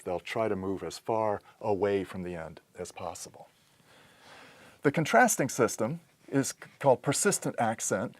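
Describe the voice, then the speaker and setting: Male lecturer, lowish voice, patient and methodical, screen-recorded lesson. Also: dry recording. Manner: patient, explanatory, with pauses and restarts. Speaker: teacher. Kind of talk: recorded lecture on Greek accents.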